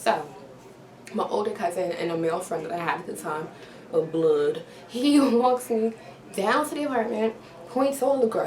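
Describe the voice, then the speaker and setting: A woman's voice: mid-range voice, normal speed, darkish tone. A woman vlogger telling a storytime tale, full of slang and sound effects. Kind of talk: storytime vlog. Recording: roomy, distant, noisy home recording.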